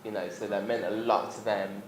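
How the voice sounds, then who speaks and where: A man's voice: on the low side, flat delivery, fairly quick. Rambling English man in an echoey hall. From England. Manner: rambling, laughing, acts out family voices. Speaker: panel guest. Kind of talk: casual convention Q&A. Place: convention panel room. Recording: echoey hall, noisy crowd room.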